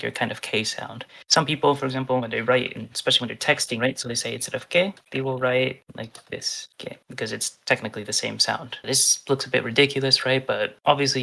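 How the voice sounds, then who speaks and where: A man's voice: mid-range voice, vocal fry, pushed and bright. A man giving an informal online lecture as a Spanish teacher, with lots of fillers as he drills letters and sounds.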